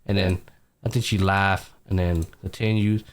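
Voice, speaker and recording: A man's voice: sits low, fairly even intonation, normal speed, clean tone. A young man hosting a podcast, casually retelling anime episodes, acting out the characters' lines in loose, slangy talk with some swearing. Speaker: podcast host. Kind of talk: casual anime recap chat.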